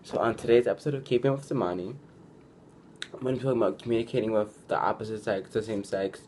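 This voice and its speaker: Here a young vlogger chats quickly to his audience in a lowish, steady, slightly mellow voice, handing out advice in a relaxed way. Expect lots of "like," sentences that start over, and quoted lines performed aloud, with slight background noise behind him.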